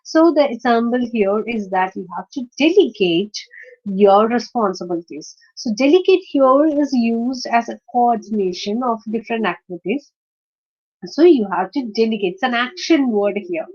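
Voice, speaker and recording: A woman teaching in an online lecture, explaining step by step with many pauses, fillers and restarts. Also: on the high side, darkish tone. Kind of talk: screen-shared online lecture. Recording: dull lo-fi recording.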